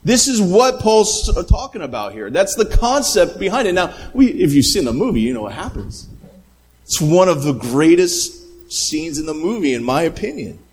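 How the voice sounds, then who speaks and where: Male pastor, sermon delivery, animated storyteller, slightly high-pitched. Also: normal speed. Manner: animated storytelling with quoted voices.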